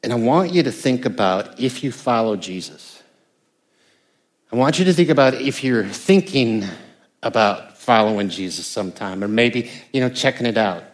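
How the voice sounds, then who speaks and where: A man's voice: mid-range voice, animated, normal speed. An older American man, a pastor, preaching a conversational sermon with emphatic bursts. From United States.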